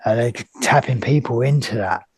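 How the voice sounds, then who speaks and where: A man's voice: mid-range voice, normal speed, husky, no room sound. A man hosting a podcast, chatting casually about spirituality and speaking openly and emotionally.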